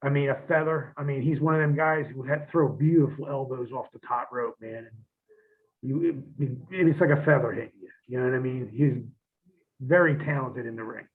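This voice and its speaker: In a shoot interview heard over tinny phone-line audio, a man who once wrestled pro tells casual, blunt, profane stories and reenacts old arguments. His mid-range voice is fairly quick, with fairly even intonation.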